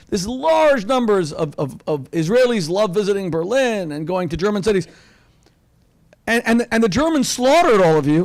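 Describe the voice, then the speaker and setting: A man hosting a public discussion, giving a passionate, rhetorical introduction and sometimes repeating words. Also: sits high. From United States. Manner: impassioned, rhetorical, stumbles over repeats. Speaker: host. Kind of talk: event introduction speech.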